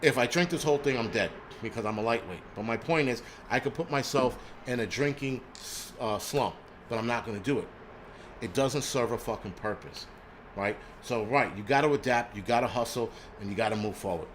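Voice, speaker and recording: On a prepping live stream, a New York City man rants with anger and bluntness, swearing constantly and tripping over restarts and stammers. His voice is medium in pitch and fairly quick, with a little hiss or hum underneath.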